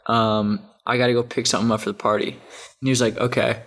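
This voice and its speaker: A man's voice: medium pitch, little pitch movement, quick pace, a bit bright. Laughing young man telling a story. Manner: laughing storyteller, heavy filler "like", "dude". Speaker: storyteller in casual chat. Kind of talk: casual chat.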